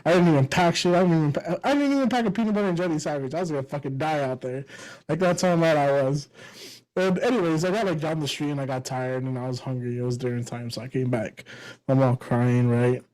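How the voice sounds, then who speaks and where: Male podcast host, raised pitch, crude and animated storyteller. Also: fast, rough recording. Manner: crude, animated storytelling with frequent laughs and swearing. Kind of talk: casual chat.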